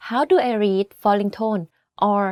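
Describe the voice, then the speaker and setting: A woman teaching a language lesson, explaining each tone clearly and slowly demonstrating example words. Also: mid-range voice, fairly even intonation, darkish tone, no room sound, studio quality. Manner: clear, slow demonstrations of tones.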